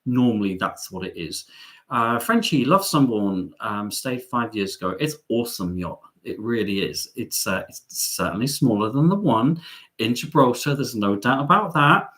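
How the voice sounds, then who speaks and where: A man's voice: mid-range voice, animated, normal speed, a bit bright. A middle-aged man hosting a live stream, chatting casually as he reads out viewer comments, with sarcastic, self-mocking asides and lots of ums.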